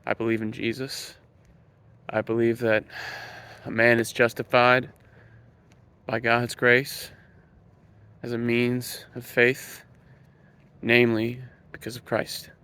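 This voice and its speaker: A man speaks in an earnest preaching monologue, his mid-range voice carrying a gravelly edge. He slows down and leans on the words he wants to stress. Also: mid-range voice, flat delivery, bright, forceful tone. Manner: slow, emphatic, stresses key words. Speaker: Christian speaker.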